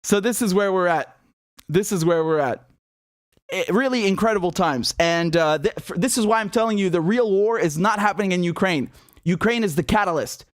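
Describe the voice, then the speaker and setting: A young man hosting a live political commentary stream, animated and scornful, laughing often and restarting his sentences. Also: high-pitched, normal speed, no room sound, studio quality.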